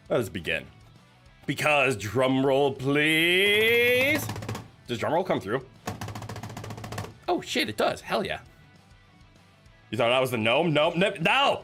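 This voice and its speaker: A man's voice: fairly high pitch, big pitch swings, takes it slowly, pauses often, bright, forceful tone, faint music behind. A man streaming live, chatting casually with his viewers in a nervous, joking, giggly way. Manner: chatty, joking, talks to chat.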